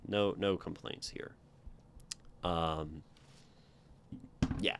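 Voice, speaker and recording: Deep smooth voiced guy reading chat's poems on stream, drawls along, lots of like and right, hums out the ba-dum rhythm. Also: steady tone, drawn-out words. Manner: reads verse aloud, then taps out meter with "ba-dum" sounds; thinks aloud with frequent "like" and "right?". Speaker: streamer critiquing viewer poetry. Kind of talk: casual livestream poetry reading and critique.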